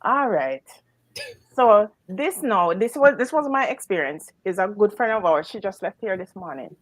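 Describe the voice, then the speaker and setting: A middle-aged Jamaican woman telling a lively story in casual patois, laughing often and acting out the voices of the people in it. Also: mid-range voice, moderate pace, dry recording, low-quality recording. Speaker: guest storyteller.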